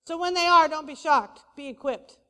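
A woman pastor delivers a lively, conversational sermon, tossing playful asides to the congregation. Her voice is high-pitched and her pace moderate, with a long hall reverb around it.

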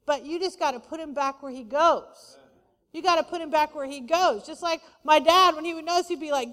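A woman pastor preaching a sermon, lively and conversational, with playful asides to the congregation. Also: high-pitched, brisk. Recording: long hall reverb.

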